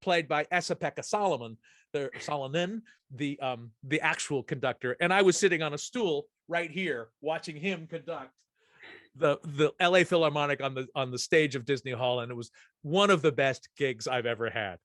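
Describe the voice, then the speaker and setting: A man's voice: on the high side, moderate pace, fairly bright tone, no echo, clean studio sound. A middle-aged man hosting a casual chat, telling a rambling, anecdotal story full of restarts. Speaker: host.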